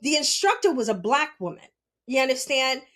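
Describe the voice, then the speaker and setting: A young woman with a high voice tells a story in a casual, animated rant. She is blunt, swears freely and keeps turning to the listener with rhetorical questions, like a podcast host talking straight to her audience. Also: a little fast.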